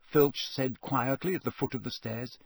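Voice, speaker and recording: A man reading a story aloud as an audiobook narrator, in a measured, expressive way. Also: medium pitch, vocal fry, slightly rough, no echo, studio quality.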